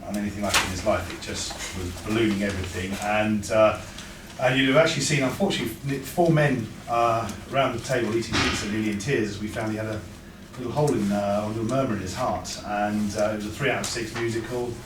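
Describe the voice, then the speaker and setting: A man gives an informal talk to an audience, chatty and full of anecdotes, often stumbling over his words as he restarts sentences. His voice sits on the lower side. It is heard from a distance in an echoey room with noticeable background noise. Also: steady tone, fast talker. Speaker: speaker at a breeders' talk.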